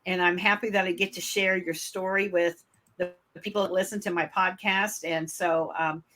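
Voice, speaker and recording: A woman's voice: fairly low pitch, fairly even intonation, moderate pace, sharp tone. A woman from Michigan with a northern US accent, hosting a podcast interview in a friendly, chatty way with fillers. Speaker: podcast host. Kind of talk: casual interview.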